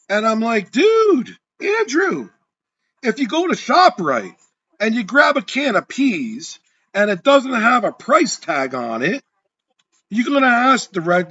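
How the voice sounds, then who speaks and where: Animated, husky man telling a story. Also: high-pitched, no room sound, dull audio. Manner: animated, acts out both sides of an argument. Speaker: podcast host, real estate agent. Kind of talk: storytelling monologue.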